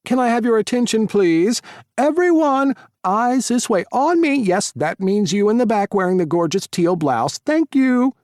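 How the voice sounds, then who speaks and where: A man's voice: high-pitched, lively intonation, normal speed, darkish tone, no room sound, clean studio sound, pitched above the performer's own voice. A male audiobook narrator voicing a sassy, flamboyant young man who makes theatrical announcements with a teasing edge. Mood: showy.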